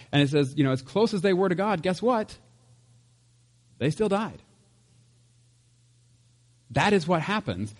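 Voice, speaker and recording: A man's voice: fairly high pitch, darkish tone. A man preaching a casual, conversational sermon, chatty with laughs and asides. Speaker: pastor.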